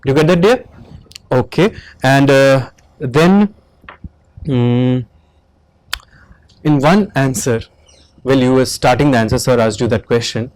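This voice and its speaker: A man's voice: medium pitch, takes it slowly, pauses often, a little mellow, rough recording. A man with an Indian English accent giving feedback after a mock interview, instructive and checking often that he is understood. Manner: instructive, repeatedly asks "Do you understand that?".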